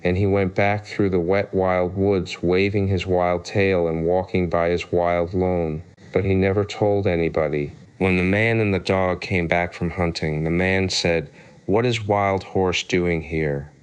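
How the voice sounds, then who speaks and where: A man narrating a classic children's story aloud at an even, unhurried pace. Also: low voice, smooth. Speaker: audiobook narrator.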